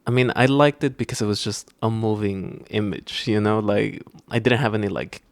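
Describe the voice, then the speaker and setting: A young man hosts a podcast in a casual chat, his voice lowish and creaky at a moderate pace. He rambles, full of fillers and restarts, and the recording has no echo.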